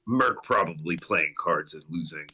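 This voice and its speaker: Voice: extremely low pitch, expressive, moderate pace, pushed and bright, breathy edge, voice pushed down, exaggerated voice. A man voicing a brutish male warrior who talks about himself in broken third person. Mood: boastful.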